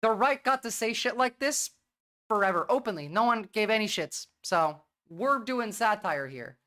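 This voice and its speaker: A woman's voice: medium pitch, lively intonation, moderate pace, pushed and bright. A woman hosting a livestream, talking bluntly and rambling in casual commentary. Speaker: livestream host.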